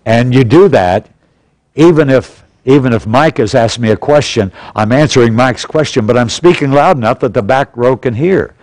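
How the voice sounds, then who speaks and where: A man's voice: medium pitch, moderate pace, darkish tone, dry recording, rough recording. A man teaching a practical church class in an auditorium, plainly and instructively, repeating his key points. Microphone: stationary pulpit mic.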